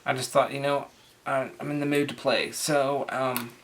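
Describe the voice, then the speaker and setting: A man's voice: mid-range voice, little pitch movement, moderate pace, fairly bright tone, a little hiss or hum. A man talking casually through a craft tutorial, rambling with lots of fillers and restarts.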